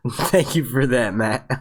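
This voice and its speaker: A man's voice: mid-range voice, slow pace. A young man hosting a casual livestream Q&A, rambling with lots of fillers and restarts, swearing and laughing easily. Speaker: host of a TV show discussion livestream.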